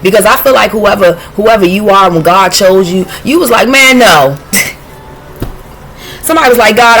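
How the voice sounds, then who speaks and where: A woman's voice: on the low side, a little hiss or hum. Blunt, profane woman doing a tarot reading. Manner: blunt, profane, streetwise and animated. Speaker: tarot reader. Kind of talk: casual intuitive tarot reading.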